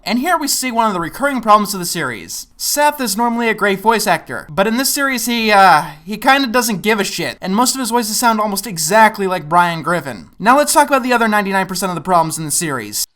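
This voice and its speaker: A man's voice: high-pitched, very animated, fast talker, few pauses, pushed and bright. A man delivering a comedy review of a cartoon. He talks in a sarcastic, ranting, profane manner. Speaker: animation reviewer.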